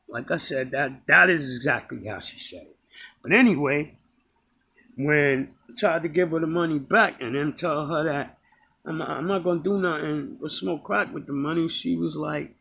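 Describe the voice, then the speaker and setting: A man's voice: on the high side, moderate pace, vocal fry, bright, forceful tone, breathy edge. A man telling a personal story in a casual, rambling way, often stopping to correct and repeat himself. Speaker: storyteller recounting a personal encounter.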